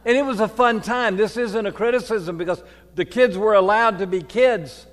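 An older man, preaching a folksy sermon as priest, moving from quiet reflection to loud storytelling. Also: high-pitched, moderate pace. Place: church. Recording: long reverb of a church hall.

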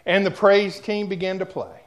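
A man preaching a sermon, telling a personal story and talking straight to the congregation, dropping to a hush at times and rising loud at others. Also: sits high, normal speed. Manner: storytelling, swings from hushed to loud; addresses the congregation directly.

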